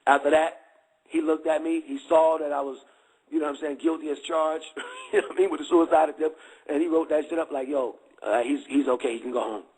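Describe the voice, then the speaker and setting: Husky-voiced man telling his story. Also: fairly high pitch, level tone, brisk, a little mellow, low-quality recording. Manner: streetwise slang, constant check-ins with listeners. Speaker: guest giving a testimony. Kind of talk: candid storytelling testimony.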